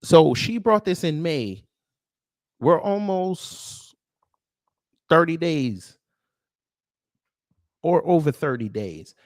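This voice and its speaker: A man hosts a live stream and fires back at his chat with mocking sarcasm. His voice sits fairly high and leaps up and down in pitch. The sound is close and dry. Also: expressive, very slow, pauses often, dry recording. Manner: sarcastic, mocking, confrontational toward commenters. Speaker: host of a news commentary livestream.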